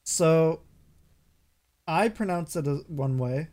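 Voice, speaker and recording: A man's voice: a little high, slow, a little mellow. A young man chatting casually on a call, hedging and repeating his words. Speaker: podcast co-host. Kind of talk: casual online chat with friends.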